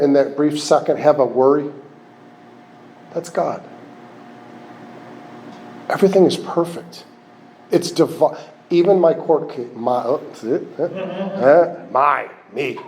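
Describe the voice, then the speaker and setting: A man's voice: fairly high pitch, unhurried, long pauses, darkish tone, a little hiss or hum. Candid, rambling man at a recovery meeting. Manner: candid, rambling, self-deprecating with restarts. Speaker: AA speaker. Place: meeting room with a fan.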